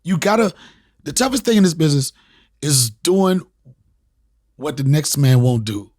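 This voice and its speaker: A man, a comedian and podcast host, telling a story in a casual interview with emphatic, profane, animated talk. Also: fairly high pitch, moderate pace. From Washington, D.C. area. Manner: animated, profane, emphatic, repeats phrases for punch.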